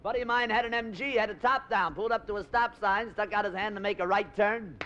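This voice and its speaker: Man, stand-up comic, bawdy punchlines, high voice, muffled vintage record, faint hiss. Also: quick pace, bright, forceful tone. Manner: punchy joke delivery with accented punchlines. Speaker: stand-up comedian.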